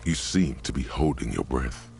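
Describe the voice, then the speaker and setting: A man narrating a video game in a measured, grim, gravelly voice. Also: lively intonation, darkish tone, faint music behind, heavily acted. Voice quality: gravelly, deep.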